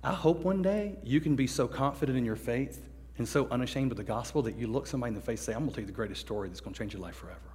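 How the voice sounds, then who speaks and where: A man preaching a story-driven sermon as a youth pastor, acting out voices and swinging from hushed to loud. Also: medium pitch, racing. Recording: long echo of a large hall.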